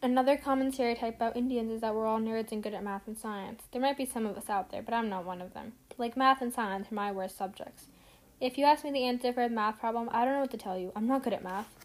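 A woman's voice: a little high, fast, low-quality recording. A teenage girl hosting a book review podcast, talking in a chatty, earnest way. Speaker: podcast host.

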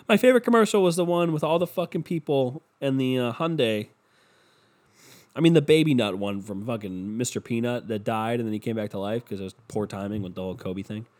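A man's voice: medium pitch, moderate pace, darkish tone. Rambling, cursing podcast guy. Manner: rambling, profane, self-mocking. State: congested with a cold. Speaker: podcast host. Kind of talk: casual solo podcast chat.

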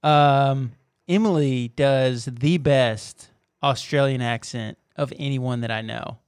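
A man co-hosting a casual podcast, upbeat and laughing often as he shouts out friends. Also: medium pitch, slow, clear, resonant tone, dry recording, clean studio sound. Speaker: podcast co-host. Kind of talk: casual chat. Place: temporary recording space with noise behind.

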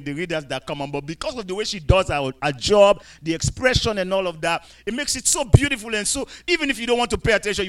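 A man preaching a sermon, dropping to quiet asides and rising to loud, drawn-out scripture readings, asking the congregation to answer back. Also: high voice, rough recording. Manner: calls out to the congregation for responses.

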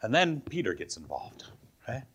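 A man's voice: medium pitch, huge pitch swings, normal speed, fairly bright tone, husky. Pastor guy preaching, lots of ups and downs in his voice, chatty, keeps asking the room stuff. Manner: conversational preaching, asks the congregation questions. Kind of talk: sermon.

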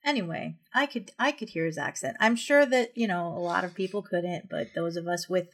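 A woman's voice: lowish voice, fairly quick. A woman co-hosting a podcast, chatting casually, often laughing and quoting lines. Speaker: podcast co-host. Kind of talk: casual chat.

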